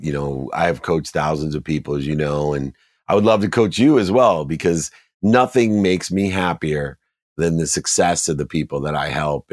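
A man's voice: sits low, darkish tone, dry recording, studio quality. A middle-aged man, a business coach, telling motivational stories with an emphatic, preacher-like cadence. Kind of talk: motivational storytelling.

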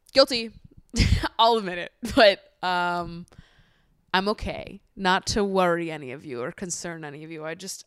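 A woman's voice: lowish voice, clean tone, no room sound, studio quality. A young woman hosting a podcast in candid casual chat, laughing often and using plenty of slang. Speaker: podcast host.

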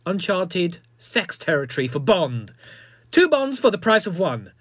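Husky, sarcastic man hosting. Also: high voice, sing-song, unhurried, a bit bright, no echo, clean studio sound. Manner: sarcastic, self-mocking, crude. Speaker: comedy podcast host. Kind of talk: sardonic comedy monologue.

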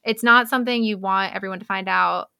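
A woman's voice: mid-range voice, fairly even intonation, vocal fry, sharp tone, clean tone, no room sound, studio quality. A young woman co-hosting a podcast, recapping a novel in casual chat, laughing often and acting out characters' lines. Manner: laughing, acts out characters' lines in quick voices. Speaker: podcast co-host.

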